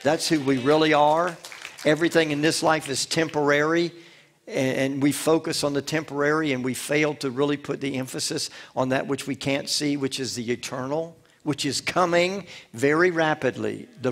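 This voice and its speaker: Man, pastor, sermon, gravelly voice, emphatic, repetitive preaching. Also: fairly high pitch, a bit bright.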